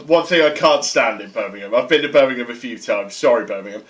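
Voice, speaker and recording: A man's voice: medium pitch, fast, fairly bright tone. A man co-hosting a podcast in casual chat, joking and teasing the others. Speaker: podcast co-host.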